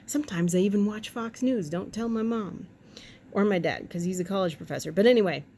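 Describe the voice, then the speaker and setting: A woman chatting at home in a rambling, jokey way, with quick asides and silly voices. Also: medium pitch, darkish tone, a little hiss or hum. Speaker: vlogger. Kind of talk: casual chat.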